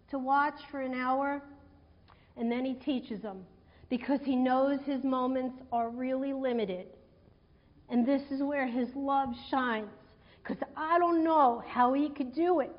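A woman preaching a sermon in a conversational, animated way, retelling a scripture story and acting out its quotes. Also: high voice. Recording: dull sound in a hall with long reverb.

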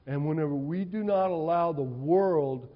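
A male preacher delivering a sermon in an animated, conversational storytelling way in a church hall. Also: on the high side, moderate pace. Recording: dull, reverberant hall sound.

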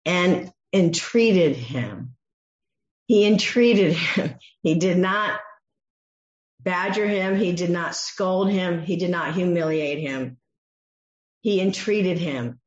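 A woman preaching a sermon, teaching from a Bible passage and acting out the voices she quotes. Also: lowish voice. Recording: echoey dull room sound.

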